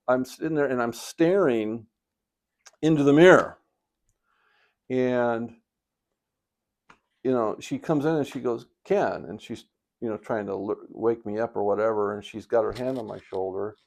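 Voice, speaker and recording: An older man in retirement telling a personal story on his video blog, reflective and halting with a touch of emotion, sitting by a fire at home. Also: mid-range voice, vocal fry, a little mellow. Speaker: vlogger. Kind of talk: casual storytelling. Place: indoors by a fireplace at home.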